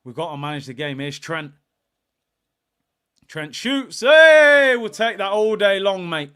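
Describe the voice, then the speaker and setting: Excitable young football fan host. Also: male voice, a little high, measured pace, clear, resonant tone. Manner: excitable, shouts at the match, reads chat messages. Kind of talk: live fan commentary and chat.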